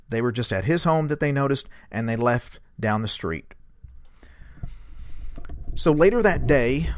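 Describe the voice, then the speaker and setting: A man's voice: mid-range voice, fairly bright tone, dry recording, studio quality. A man on a podcast recounting a witness's story in a conversational storytelling manner, with fillers and quoted dialogue. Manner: retells events with quoted dialogue, fillers like "uh" and "you know". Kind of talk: storytelling narration.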